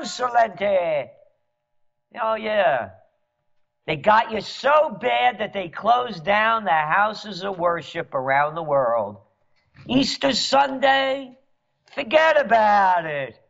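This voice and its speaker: A man delivering a sarcastic, mocking monologue as a commentator, at times rising to shouts. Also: high-pitched, sing-song, slow pace, gravelly. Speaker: trend forecaster and commentator. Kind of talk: ranting monologue. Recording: dull lo-fi audio.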